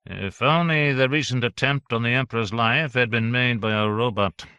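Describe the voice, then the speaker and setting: A man's voice: mid-range voice, normal speed, clean tone, dry recording, pitched above the performer's own voice. A man voicing an unctuous, volatile male official in an audiobook, with an oily, pushy delivery. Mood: scheming. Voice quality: oily, swings to shouting. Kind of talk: audiobook character voice.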